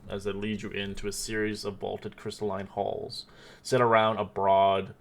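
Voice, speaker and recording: A man narrating as game master of a tabletop game, rambling with many pauses and restarts. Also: lowish voice, flat delivery, gravelly, a little hiss or hum.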